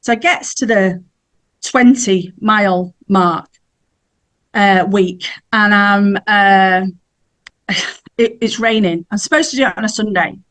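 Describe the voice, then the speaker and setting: A woman's voice: medium pitch, slow pace, long pauses, a bit bright. Chatty woman storyteller. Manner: chatty, laughs while telling stories. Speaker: podcast guest. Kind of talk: casual storytelling.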